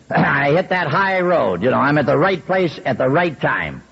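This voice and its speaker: A man in his sixties telling his recovery story with wry, folksy humor, often clearing his throat. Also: on the high side, very animated, a little slow, fairly bright tone, highs cut off.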